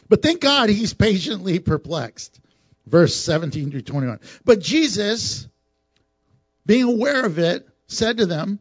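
A man preaching a sermon as a pastor, animated and teasing with the congregation. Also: high voice, measured pace, breathy edge, no room sound, muffled recording. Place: church sanctuary.

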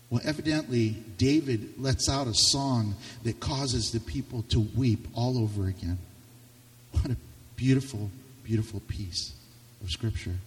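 A man preaching a sermon with passion, his voice swinging from loud to hushed. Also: medium pitch. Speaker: pastor. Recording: reverberant hall, distant mic.

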